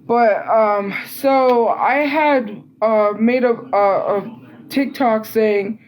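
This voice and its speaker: A woman's voice: a little high, drawn-out words, poor audio. A young woman telling a story on a livestream in a rambling, exasperated way, full of "like" and restarts. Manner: rambling, filler-heavy, with frequent "like" and restarts; exasperated and incredulous. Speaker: livestream host.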